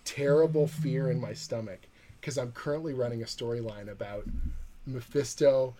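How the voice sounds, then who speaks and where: A man, a comic book writer, telling a lively anecdote in a podcast interview and acting out the quoted dialogue. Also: mid-range voice, moderate pace, crowd noise.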